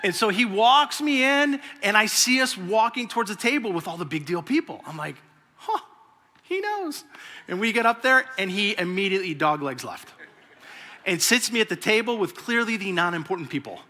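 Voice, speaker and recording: Bright tense man preaching, story style, long echo from a big hall. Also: high-pitched, fairly quick. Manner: storytelling, animated, acts out quotes. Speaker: pastor. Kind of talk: sermon with personal story. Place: large church hall.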